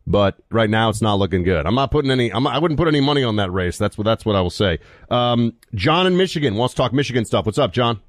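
Male talk radio co-host, lower voice, dry studio sound, casual and joking. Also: lively intonation, quick pace, dry recording.

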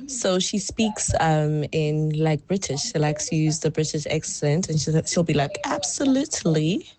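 A woman's voice: low voice, fairly even intonation, a little slow, darkish tone. A mother calling in to a radio show, amused as she talks about her daughter.

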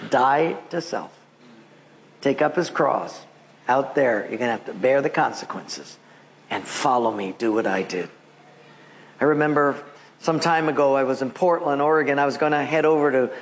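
A pastor preaches a sermon through storytelling, acting out the voices of the people in his stories with big jumps in pitch.

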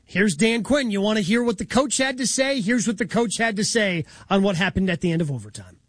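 Man, sports radio host, high voice, dry studio sound, brisk chatty analysis. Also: animated, no echo. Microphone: studio microphone.

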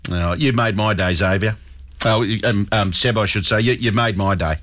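A man's voice: fairly low pitch, normal speed, fairly bright tone. A man with an Australian accent hosting talkback radio, chummy and upbeat, calling callers mate. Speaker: radio host. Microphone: studio microphone.

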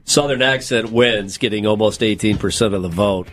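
A somewhat low-voiced man trades jokes on a casual podcast, reading news items aloud with wry asides. Faint music plays underneath. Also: moderate pace, fairly bright tone. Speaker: podcast co-host. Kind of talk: casual comedic podcast chat.

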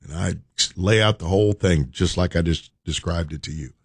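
A man telling a personal story in a folksy, humorous way, with vivid phrasing and dramatic pauses. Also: low voice, breathy edge, no echo, clean studio sound. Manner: humorous asides. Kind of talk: storytelling talk.

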